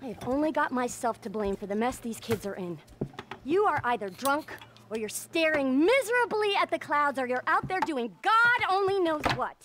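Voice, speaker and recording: A bitter, exasperated wife from a video game scene, scolding with curses. Her voice sits very high and swings sharply. Game background noise runs under it. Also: very animated, normal speed. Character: bitter, fed-up wife in a wealthy home. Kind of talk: video game cutscene acting.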